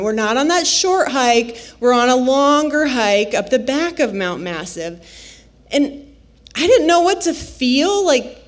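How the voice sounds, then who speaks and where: Slow, playful woman storyteller. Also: on the high side. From Nebraska, USA. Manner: unhurried, playful, laughs often. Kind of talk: live personal storytelling.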